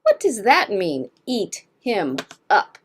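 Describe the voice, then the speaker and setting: Woman english teacher, super expressive voice, takes it slow. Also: mid-range voice, slight background noise. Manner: encouraging, explains words with Spanish glosses. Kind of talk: classroom reading lesson.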